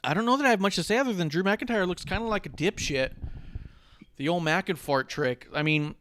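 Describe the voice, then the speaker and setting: A man's voice: sits high, expressive, brisk, fairly bright tone, a little hiss or hum. Joking, profane man with a raised voice. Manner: profane, joking, rambling banter. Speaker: podcast co-host. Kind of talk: casual wrestling podcast chat. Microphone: podcast microphone.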